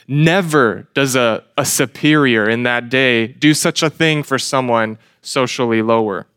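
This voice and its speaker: A man's voice: mid-range voice, measured pace, a bit bright, clean tone, no echo, clean studio sound. A man preaching a sermon in an earnest, emphatic way, asking rhetorical questions. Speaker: pastor.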